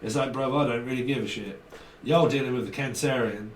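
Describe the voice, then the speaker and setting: A man's voice: mid-range voice, brisk, far from the mic, a little hiss or hum. Man reading tarot in an echoey room. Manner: acts out exchanges with slang, laughs often, swears. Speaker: tarot reader. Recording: echoey room, voice a little off-mic.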